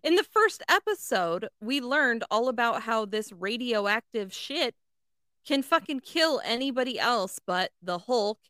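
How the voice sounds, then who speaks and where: A woman's voice: on the high side, very animated, measured pace, pushed and bright, no room sound, clean studio sound. A woman co-hosting a podcast, recapping scenes in blunt, profane, incredulous casual chat. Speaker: podcast co-host.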